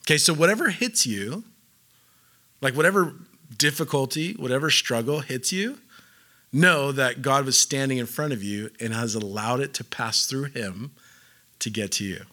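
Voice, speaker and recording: A man's voice: mid-range voice, normal speed, bright, forceful tone. A man preaching a casual sermon, talking conversationally with lots of "like" fillers and acting out quotes as he goes.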